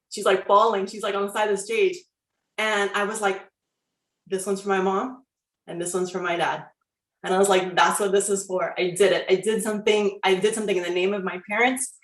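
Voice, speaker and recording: Woman, forties, personal testimony, animated storytelling, echoey room. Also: medium pitch. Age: 40s. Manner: animated storytelling, acts out her own past voice. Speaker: wellness coach sharing her story.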